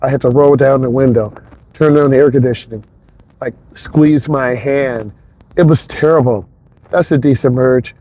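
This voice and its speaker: A man who works as a driving instructor chats loosely with viewers from inside his car on an expressway, recorded through a wireless clip-on mic linked to a phone. His mellow, medium-pitched voice stays steady and moves fairly quickly.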